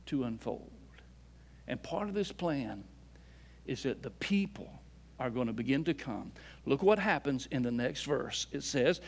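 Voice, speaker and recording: A man preaching a sermon as a pastor, swinging between loud emphatic lines and soft, low asides. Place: church sanctuary.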